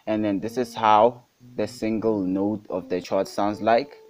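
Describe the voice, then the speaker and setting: A man's voice: fairly low pitch, steady tone, a little slow, a little mellow, faint music behind. A young man from South Africa hosting a casual beat-making tutorial, repeatedly calling things super hot and saying guys. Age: young adult. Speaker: music production tutorial host. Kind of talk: casual screen-recorded tutorial. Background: beat playing underneath.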